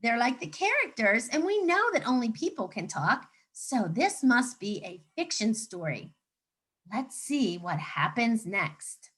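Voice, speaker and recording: Woman teacher, storybook read-aloud for kids, lively swooping voice, slow and patient, coaxing questions. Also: on the high side, breathy edge. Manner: animated and coaxing, asks children questions. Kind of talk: reading a picture book aloud to children.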